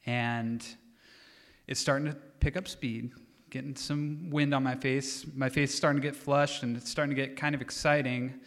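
A man telling a comic personal story live on stage at a storytelling event, animated and getting louder as it builds. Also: medium pitch, normal speed. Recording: long hall reverb from a live venue.

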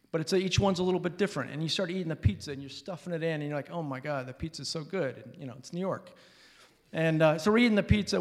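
A man from Alaska telling a personal story on stage, animatedly acting out relatives' lines. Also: on the high side. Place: hall before an audience. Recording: reverberant hall.

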